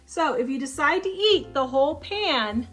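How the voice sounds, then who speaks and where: A woman's voice: sits high, lively intonation, moderate pace, fairly bright tone, faint music behind. Chatty woman with a Kansas accent. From Kansas, USA. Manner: chatty, joking, laughs often. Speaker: cooking show host. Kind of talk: casual cooking demonstration. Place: home kitchen.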